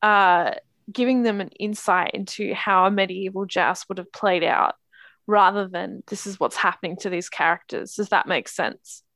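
A woman's voice: medium pitch, normal speed, fairly bright tone, dry recording. A woman in casual chat about a book, talking with many fillers and restarts. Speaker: podcast co-host discussing books.

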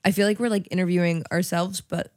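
A woman's voice: fairly low pitch, fairly even intonation, quick pace, no room sound, clean studio sound. A young woman co-hosting a casual chat podcast, playful and giggly, reading out a list of names in a sing-song way. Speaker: podcast co-host.

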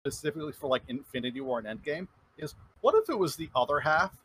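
A man's voice: fairly high pitch, very animated, fast, fairly bright tone, slightly rough. A man co-hosting a casual chat, blunt and opinionated with dry humor. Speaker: podcast co-host.

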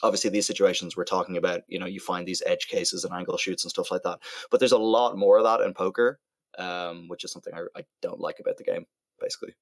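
A man's voice: sits low, steady tone, quick pace, dry recording. A man in casual podcast chat, talking things through in a thoughtful, hedging way.

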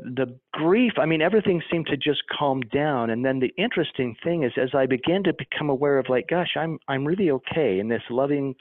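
A man recounting a deeply personal experience as an interview guest, earnest and halting, often restarting his sentences. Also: dry recording. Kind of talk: emotional personal account. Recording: tinny phone line.

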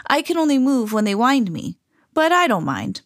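A woman voicing a gentle, contented male wind-up toy mouse in a read-aloud storybook. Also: on the high side, very animated, moderate pace, no room sound, clean studio sound.

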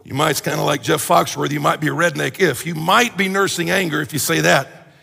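A man preaching a conversational sermon as pastor, animated and joking, acting out everyday complaints. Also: fairly high pitch, brisk, creaky, breathy edge, in a large hall.

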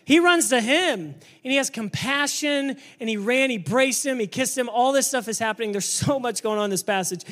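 A man preaching a sermon to a church congregation, energetic and emphatic, sometimes building up to shouting. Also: very high voice, fairly quick, few pauses. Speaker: pastor.

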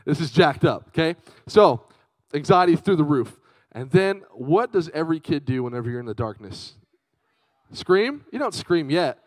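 A young man preaching to a youth group with a fairly high voice, swapping between storytelling and shout-outs to the crowd. His delivery is chatty and lively, and the sound is close and dry with little room echo. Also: moderate pace. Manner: lively, chatty, calls out to the audience. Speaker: youth speaker. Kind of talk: youth sermon with personal storytelling.

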